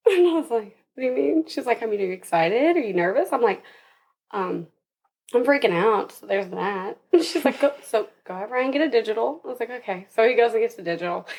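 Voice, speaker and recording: A woman's voice: medium pitch, darkish tone. A young woman, a podcast guest, tells a personal story in casual interview talk, laughing often and acting out the voices of people she quotes.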